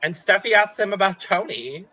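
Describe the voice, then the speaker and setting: A man's voice: high voice, expressive, normal speed, bright, forceful tone, muffled recording. A man co-hosting a podcast, recapping a reality show in a playful, jokey casual chat. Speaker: podcast co-host.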